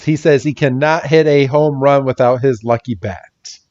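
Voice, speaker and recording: A man's voice: mid-range voice, fairly even intonation, normal speed, a little mellow. A man co-hosting a podcast, recapping an episode in casual chat and laughing often as he acts out quoted lines. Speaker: podcast co-host. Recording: dull lo-fi podcast audio.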